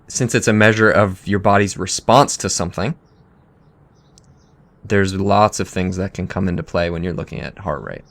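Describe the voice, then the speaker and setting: Low-voiced man, dry joking podcast co-host. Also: moderate pace, creaky, fairly bright tone. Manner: dry joking asides between plain explanations. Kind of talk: casual coaching chat.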